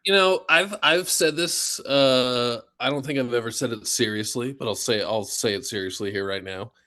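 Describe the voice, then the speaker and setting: Man, podcast guest, wrestling announcer, relaxed storytelling, lots of ums. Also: medium pitch, moderate pace. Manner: relaxed storyteller, filler-heavy. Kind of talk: casual chat.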